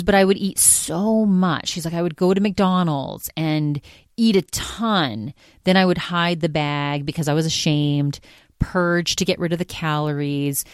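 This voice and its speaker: A woman with a notably low voice hosts her own podcast solo, chatting casually as she recaps another show. She keeps quoting people, stringing thoughts together in an easy, conversational flow. The sound is dry and close, with no room echo. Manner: chatty retelling, constantly quoting others with "she's like". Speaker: podcast host.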